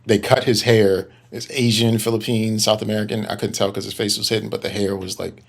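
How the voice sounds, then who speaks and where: A man's voice: fairly low pitch, flat delivery, brisk, creaky. A young man co-hosting a casual podcast, laid-back and joking as he chimes in. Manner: laid-back, playful interjections and jokes. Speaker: podcast co-host.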